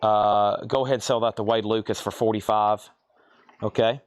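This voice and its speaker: A man's voice: fairly low pitch, fairly even intonation, moderate pace, slight background noise. A man hosting a live online sale, calling out prices and buyers' names and thinking aloud as he sorts items indoors. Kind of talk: live auction selling.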